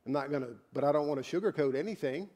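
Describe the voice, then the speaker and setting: A man preaching with a fairly high voice, dropping to near-murmurs and then rising to fervent calls. He talks conversationally, restarting words as he goes. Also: rapid-fire. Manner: preacher who swings from quiet intimate asides to loud shouted climaxes. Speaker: pastor. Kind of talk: sermon.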